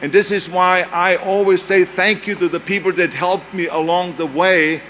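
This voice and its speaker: A man's voice: high voice, fairly even intonation, normal speed, bright, forceful tone, a little hiss or hum. A man in his seventies, a native German speaker with a German accent, gives an emphatic, anecdotal motivational speech with self-mocking humor at a university event. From Europe. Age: 70s.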